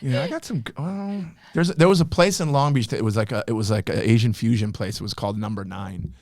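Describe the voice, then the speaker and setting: A man's voice: medium pitch, fast talker, darkish tone, no echo, clean studio sound. A man who does stand-up, chatting casually as a guest and joking around, sometimes crooning snippets of old songs. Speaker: comedian guest. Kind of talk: casual chat.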